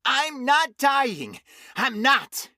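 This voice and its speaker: A man voicing a panicking young man who screams and pleads in a high, frantic voice. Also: normal speed, breathy edge, no echo, clean studio sound. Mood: terrified.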